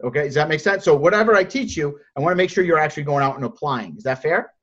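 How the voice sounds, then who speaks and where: Direct male sales coach on a call; high-pitched, muffled low-fi sound. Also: lively intonation, fast talker, fairly bright tone. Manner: blunt, direct, repeats words when he starts a thought. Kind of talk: coaching on a group video call.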